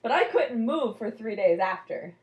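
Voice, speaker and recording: A woman's voice: on the high side, lively intonation, moderate pace, darkish tone, echoey room. A woman in her thirties co-hosting a podcast, chatting casually and teasing with lots of laughter. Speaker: podcast co-host. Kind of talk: casual chat.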